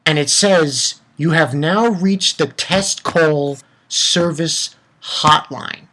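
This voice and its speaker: A young man giving a casual, excited manga chapter review, rambling and swearing freely. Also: fairly high pitch, slow, background noise.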